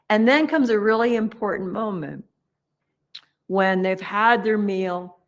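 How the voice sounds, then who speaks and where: A woman meditation teacher giving a humorous dharma talk, retelling a story in a chatty, animated way and playfully acting out its characters. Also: mid-range voice, unhurried.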